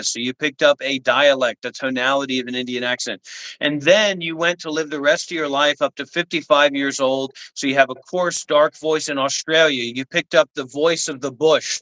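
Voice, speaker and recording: A man's voice: mid-range voice, bright, forceful tone, rough recording. A man hosting a livestream, talking intensely, scolding viewers and rambling as he dictates instructions. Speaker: livestream host. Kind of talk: livestream talk.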